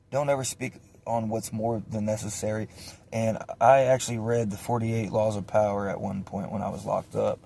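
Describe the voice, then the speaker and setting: A man telling a casual story, loose and profane. He talks in an animated way and keeps slipping into other people's voices to act out the scenes. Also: lowish voice, creaky.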